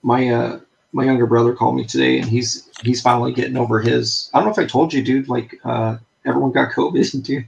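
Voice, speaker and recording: A man's voice: mid-range voice, steady tone, a little fast, vocal fry, low-quality recording. A man co-hosting a casual stream, telling rambling anecdotes full of fillers and restarts. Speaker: podcast co-host. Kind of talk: casual chat, storytelling.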